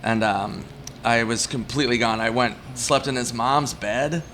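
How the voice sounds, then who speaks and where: A man of middle pitch tells loose, self-mocking comic stories at a bar, slipping into quick voices for the people in them. A faint hum of ambient noise sits under his voice. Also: fairly bright tone. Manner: rambling, self-mocking anecdotes with quick acted-out quotes. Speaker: comedian guest. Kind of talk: casual storytelling at a bar.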